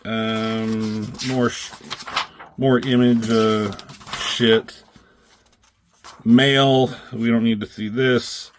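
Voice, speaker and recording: A man's voice: medium pitch, flat delivery, extremely slow, pauses often, background noise. A man reviewing comic strips in a casual, rambling chat, swearing freely and acting out characters' lines in raised voices.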